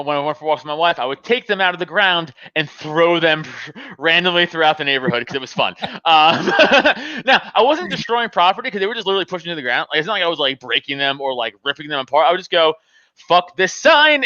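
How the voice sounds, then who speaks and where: Lively high-voiced man telling a wild story. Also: fairly quick, no echo, highs cut off. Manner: animated, laughs often, acts out both sides of the argument. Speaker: podcast host telling a story. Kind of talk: casual storytelling with frequent laughter and swearing.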